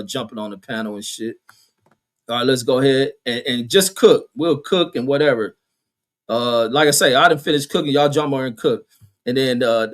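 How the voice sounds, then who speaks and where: A man's voice: a little high, fairly bright tone. A man hosting a live stream, reading chat comments aloud and telling stories in loose, profane talk. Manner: loose storytelling, heavy swearing, acts out voices.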